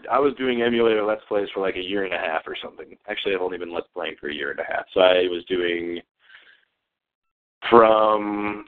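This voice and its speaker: Playful man on a tinny call line. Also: low voice. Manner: joking, easily distracted, playful. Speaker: interviewee, Let's Play creator. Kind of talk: casual online interview. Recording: tinny phone-like call audio.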